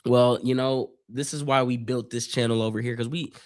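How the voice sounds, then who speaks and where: A man from Northeast Ohio hosting a live stream, giving casual play-by-play, chatting with viewers in loose slang, his voice getting hoarse. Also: mid-range voice, steady tone, normal speed, no echo, clean studio sound. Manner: chatty, loose slang, reads chat aloud. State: voice going hoarse.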